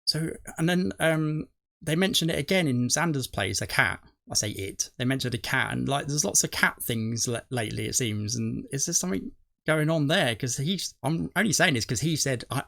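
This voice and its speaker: A man's voice: medium pitch, gravelly, fairly bright tone. A middle-aged man, rambling through his theories on a reaction video and correcting himself as he goes. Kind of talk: casual rambling commentary.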